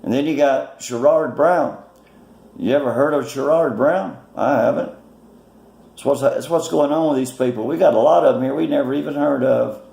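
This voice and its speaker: A man's voice: mid-range voice, moderate pace, vocal fry, mellow, roomy sound. A man giving blunt, mocking political commentary in a casual, rambling way, full of fillers, recorded on a phone. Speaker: political vlogger.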